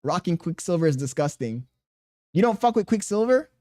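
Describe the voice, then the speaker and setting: Guy in his 30s streaming, slightly high voice, laughs a lot while roasting chat back. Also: sing-song, fairly quick, dark tone. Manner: joking, laughing, reads chat aloud, crude banter. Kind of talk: casual live-stream chat reading.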